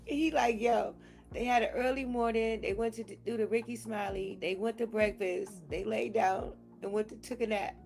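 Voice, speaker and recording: A woman's voice: a little high, fairly even intonation, normal speed, gravelly, a little mellow, faint music behind. A woman giving casual gossip commentary, laughing often, swearing freely and acting out what people said.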